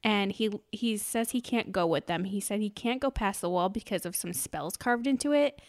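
A woman's voice: medium pitch, moderate pace, no room sound, clean studio sound. A woman in casual chat, recapping a TV episode with a friend, laughing often and acting out her reactions. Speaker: podcast co-host recapping a TV episode.

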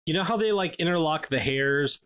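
A man's voice: on the high side, brisk, a bit bright, clean tone. A man co-hosting a podcast in casual chat, rambling with lots of fillers and restarts. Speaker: podcast co-host.

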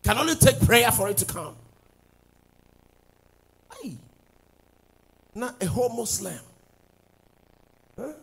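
Pastor, male, husky and high-pitched, animated pulpit sermon with big swings in volume. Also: slow, pauses often, low-quality recording. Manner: animated preaching, swings from loud declarations to low asides.

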